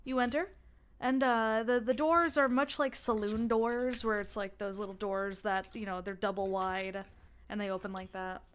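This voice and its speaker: A woman's voice: mid-range voice, steady tone, moderate pace. Chatty young woman game master. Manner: chatty, many fillers and restarts. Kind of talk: narrating a tabletop game.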